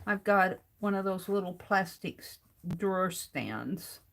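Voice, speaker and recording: Slow, musing woman sketching. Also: mid-range voice, expressive, gravelly, fairly bright tone. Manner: slow, musing, talks to herself as she draws. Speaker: art vlogger. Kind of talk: casual narration while sketching.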